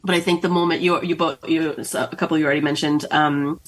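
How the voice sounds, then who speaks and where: Low woman, author guest, loose casual chat, laughs through lines. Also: fairly even intonation, fast. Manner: emotional, laughs often while talking.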